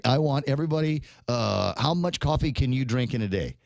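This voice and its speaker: A man's voice: mid-range voice, expressive, fairly quick, gravelly, no room sound. A man hosting a morning radio talk show, chatty and joking, often restarting his sentences and laughing at his own jokes. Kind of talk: casual morning radio chat.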